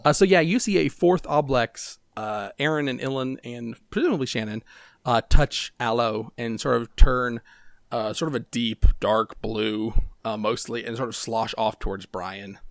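Gravelly man running a tabletop game. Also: mid-range voice, moderate pace, no echo, studio quality. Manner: rambling, filler-heavy, relaxed. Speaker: game master.

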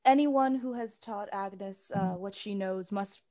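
A woman voicing a gracious young wizard in a tabletop game, formal and flattering. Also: medium pitch, measured pace, close to an everyday voice.

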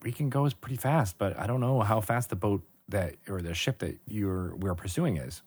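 A man voicing a burly, friendly sailor who is laid-back and fond of rough jokes, in a tabletop game. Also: on the low side, moderate pace, darkish tone, dry recording. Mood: easygoing.

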